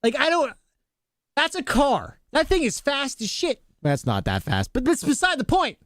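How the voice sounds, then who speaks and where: A man's voice: very high-pitched, huge pitch swings, moderate pace, fairly bright tone, dry recording, studio quality. A young man livestreaming a game, ranting emphatically in casual slang to his chat. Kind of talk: casual gaming stream chat.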